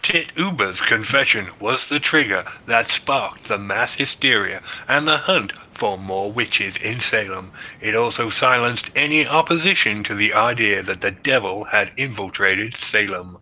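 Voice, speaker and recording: A man's voice: lowish voice, a little slow, hardly any pauses, bright, forceful tone, rough recording. A man co-hosting a podcast, reading out history notes and joking between the facts. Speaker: podcast co-host presenting research. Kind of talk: casual chat reading notes.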